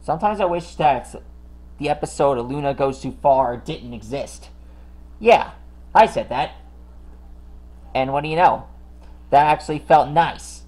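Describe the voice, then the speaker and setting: A man's voice: on the high side, animated, unhurried, pauses often, a little mellow, rough recording. A man hosting a drawing show, chatting casually in a rambling way with many fillers and restarts. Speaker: host of a drawing channel. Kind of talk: casual chat while drawing. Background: song playing in the background.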